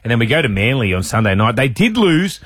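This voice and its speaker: Cheeky Australian radio co-host, husky voice, quick and animated. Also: male voice, mid-range voice, no room sound, studio quality. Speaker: radio co-host, former footballer. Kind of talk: casual banter.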